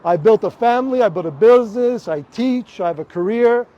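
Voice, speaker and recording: A middle-aged Toronto man with a Canadian English accent delivers an impassioned public protest speech outdoors in front of a hospital, repeating rallying slogans. His voice is very high-pitched, animated and brisk, warm in tone, with the highs cut off.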